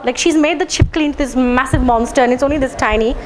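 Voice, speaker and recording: Woman speaker, pretty high voice, chatty with the crowd, leads them through tapping lines, faint room noise behind. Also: lively intonation, fairly quick, hardly any pauses, low-quality recording. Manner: engaging, asks the audience questions; leads guided tapping phrases aloud. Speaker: speaker leading a health talk. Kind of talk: public talk to a live audience. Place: lecture room with an audience.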